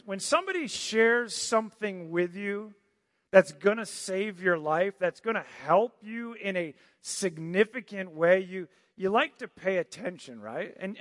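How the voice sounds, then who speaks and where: A man's voice: high-pitched, fairly bright tone, no room sound, clean studio sound, big-room sound. A man preaching a sermon, talking casually and asking the congregation questions. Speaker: pastor.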